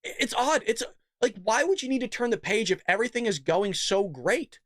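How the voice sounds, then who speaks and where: Male host for political commentary, mocking and sarcastic, animated pitch, dry close mic. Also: fairly quick, no echo. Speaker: show host.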